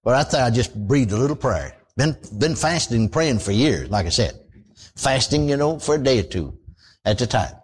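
Older man, folksy preaching, husky voice, lively pitch. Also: moderate pace. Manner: folksy, animated preaching with amens. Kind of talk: radio sermon.

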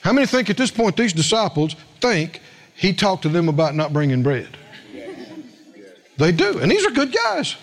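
High, animated preacher man. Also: normal speed. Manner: storytelling with acted quotes, asks the congregation questions. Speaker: pastor. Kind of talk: sermon.

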